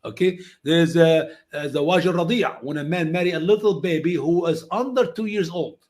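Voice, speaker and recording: Emphatic man, high voice, English. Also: moderate pace, a little mellow. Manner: non-native English, emphatic, acts out quoted voices high. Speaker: guest answering questions. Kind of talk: animated storytelling answers.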